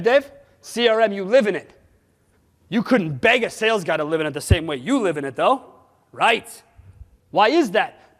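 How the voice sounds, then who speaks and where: A man giving a conference talk, blunt and animated, throwing rhetorical questions at his audience. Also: high voice. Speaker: sales management conference speaker. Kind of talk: conference presentation. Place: conference hall. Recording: long hall reverb.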